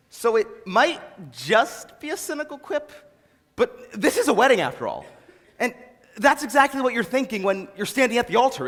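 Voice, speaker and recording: A man's voice: very high voice, exaggerated voice. A young man on a school stage playing a nostalgic theatre fan who speaks confidingly to the audience, recorded in a reverberant auditorium. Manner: musing, confiding, suddenly excitable. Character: nostalgic male theatre fan narrating his favorite record. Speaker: narrator of a stage musical. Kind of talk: school stage musical acting. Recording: reverberant hall, distant stage sound.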